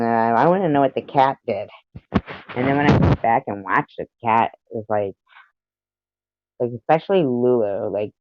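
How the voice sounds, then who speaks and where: In lo-fi audio without any echo, a man with a mid-range voice hosts a livestream, chatting loosely with his viewers and cursing at his pets between topics.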